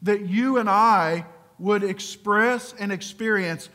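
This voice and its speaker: A high-voiced man preaching slowly and deliberately, earnest and pleading. He often sinks to a hushed near-whisper to drive a point home. His voice rings with long reverb in a large church hall. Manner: earnest, pleading, dropping to a hushed low voice for emphasis. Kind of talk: sermon.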